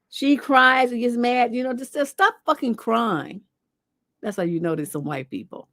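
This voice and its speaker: A woman relationship coach hosts a livestream advice show, and she scolds her callers bluntly with plenty of cursing. Her voice sits a bit high. It is recorded dry and close, with no room sound. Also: moderate pace, gravelly, dry recording.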